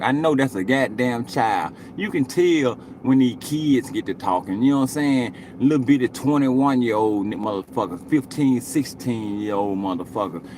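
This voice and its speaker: A man's voice: mid-range voice, background noise. Rambling, profane man in his forties. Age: 40s. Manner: rambling, profane, repeats "you know what I'm saying". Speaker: live streamer. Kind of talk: casual live-stream chat to viewers.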